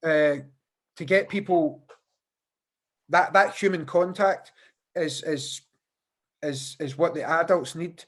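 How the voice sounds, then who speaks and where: Male podcast host, high-ish voice, chatty, on a video call. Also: takes it slowly, long pauses, a bit bright. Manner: chatty, repeats words while thinking. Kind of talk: casual video-call interview.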